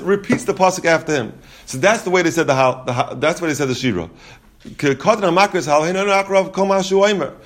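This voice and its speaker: A man teaching a Talmud lesson, explaining the text step by step. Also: on the high side. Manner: explains step by step, mixing Yeshivish terms into English.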